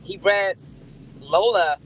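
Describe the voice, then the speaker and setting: A man's voice: sits high, takes it slowly, a bit bright, soft background music, poor audio. A sick middle-aged man, a dog breeder guest, chatting casually and rambling with many fillers. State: sick, chewing a lozenge. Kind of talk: casual podcast chat.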